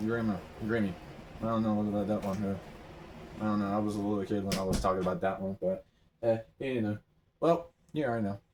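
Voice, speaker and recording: A man rambling through a game's item shop in casual commentary, excitable, his voice often jumping up high. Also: a little fast, slight background noise. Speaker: gamer browsing an item shop.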